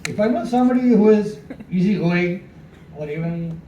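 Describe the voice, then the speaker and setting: A man's voice: high voice, moderate pace, lo-fi sound. A man, a dentist, telling comic stories on stage, chuckling and acting out dialogue. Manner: chuckling, animated, acts out dialogue. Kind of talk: stand-up storytelling. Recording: roomy, distant mic, faint background noise.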